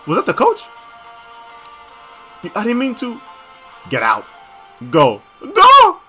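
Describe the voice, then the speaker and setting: A young man casually reacting to video clips, slangy and excitable, often bursting into shouts. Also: high voice, slow, faint music behind.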